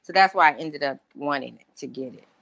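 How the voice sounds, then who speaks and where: A woman in her thirties as an interview guest, telling her story casually in an excitable, animated way and acting out what people said. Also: deep voice, brisk, dry recording. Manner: excitable, animated, acts out quotes.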